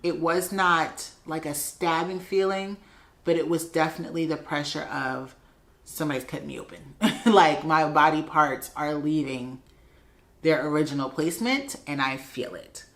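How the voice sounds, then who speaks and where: Her voice sits low and moves at a normal speed as this young adult woman vlogger shares a personal story. She keeps it casual and animated, doing voices for each person in the tale.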